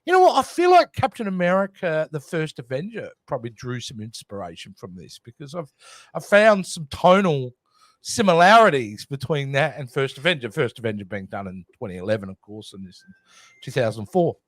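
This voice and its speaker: A man's voice: mid-range voice, very animated, fairly quick, fairly bright tone, dry recording. A man co-hosting a casual film review chat, hesitant and full of restarts. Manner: chatty, hesitant, with many restarts. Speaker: podcast co-host.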